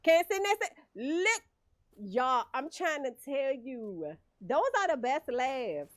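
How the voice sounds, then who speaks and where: A woman's voice: high voice, very animated, takes it slowly, dry recording. A woman streaming a game, chatting casually with viewers and laughing often. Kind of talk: casual livestream chat while gaming.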